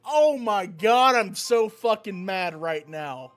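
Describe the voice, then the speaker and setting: A man reacting to a video game on stream, cursing and shouting in outrage. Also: sits high, lively intonation, takes it slowly, few pauses. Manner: loud, profane, outraged outbursts. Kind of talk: blind reaction commentary. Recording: game music behind.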